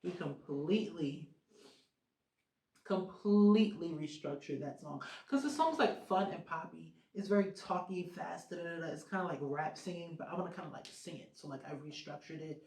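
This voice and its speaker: A podcast host talks casually alone, rambling and filling the gaps with plenty of "um" and "like." The voice is mid-range and somewhat dark, delivered at a normal speed. The room gives it a noticeable echo.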